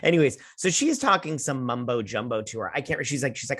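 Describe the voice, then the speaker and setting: A young man hosting a casual episode review, recapping the plot sarcastically and mocking the characters' lines in quick put-on voices. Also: medium pitch, fairly bright tone. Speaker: show host.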